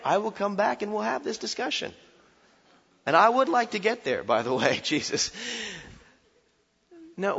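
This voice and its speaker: Male pastor, sermon, forceful and bright, animated with self-mocking humor; slightly muffled recording with long church reverb. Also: high-pitched, creaky, husky. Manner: animated, shifts from shouted warnings to quiet reflection, self-deprecating humor. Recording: dull sound with long hall reverb.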